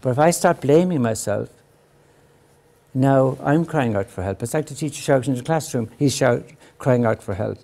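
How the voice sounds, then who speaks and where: An older man, a psychologist, gives an earnest lecture to parents about parenting. He often ends points with a questioning "right?" and imitates parents in a higher voice; he speaks at a moderate pace with a gravelly, dark tone.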